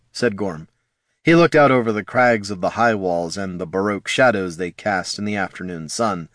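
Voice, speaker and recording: Here a male narrator brings a fantasy audiobook to life in an expressive storytelling style. He speaks at a moderate pace in a fairly low voice, and the studio recording is clean and dry.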